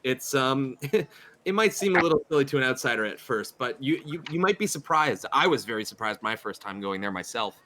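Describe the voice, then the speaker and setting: A man voicing an excitable, effusive woman who gushes about her church, halting with many fillers. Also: medium pitch, background noise, natural voice. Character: gushing, excitable female churchgoer friend.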